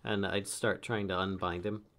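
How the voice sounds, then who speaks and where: A man playing a tabletop role-playing game, declaring his character's actions in a halting way with many uhs. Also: low-pitched, flat delivery, a bit bright. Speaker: player. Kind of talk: casual tabletop game play.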